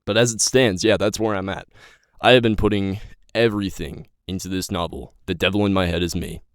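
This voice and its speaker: A man's voice: low-pitched, fairly even intonation, a little fast, clean tone, dry recording, clean studio sound. A nineteen-year-old man giving an impassioned, rambling personal update to his viewers, swearing and stumbling over his words. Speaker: YouTube creator and novelist.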